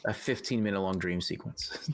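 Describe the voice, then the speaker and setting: Gravelly low-voiced player. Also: male voice, slight background noise. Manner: joking, quick banter. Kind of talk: casual game chat.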